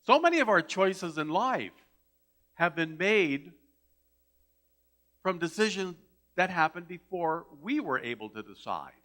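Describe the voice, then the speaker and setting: A man's voice: a little high, fairly bright tone. A man giving a folksy storytelling sermon as minister, with a dry sense of humour. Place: church sanctuary.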